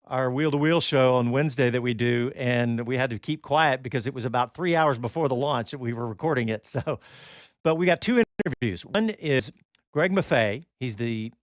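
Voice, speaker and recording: A man's voice: medium pitch, no echo. Rambling male radio host, dry studio. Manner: rambling, chuckling, self-correcting. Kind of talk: casual studio chat.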